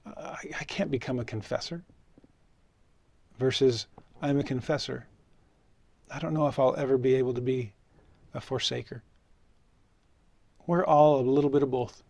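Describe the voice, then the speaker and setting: A middle-aged man delivers a sermon in a conversational, storytelling way. He is earnest, and his voice often sinks softly at the ends of phrases. The recording is close and dry, with no room sound. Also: mid-range voice, fairly even intonation, normal speed, vocal fry, pauses often, no echo. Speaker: preacher and religious teacher.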